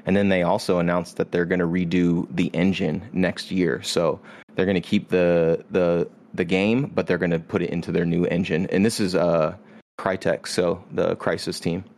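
A man's voice: low voice, level tone, normal speed, a little mellow. A man hosting a casual podcast chat, explaining a video game at length with plenty of fillers. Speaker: podcast host. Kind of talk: casual chat about games.

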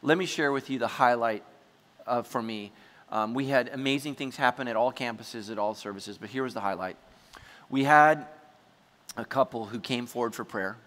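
A man preaching a sermon, telling a story with animated energy and sudden shouts. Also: medium pitch, normal speed, long reverb tail. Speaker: pastor.

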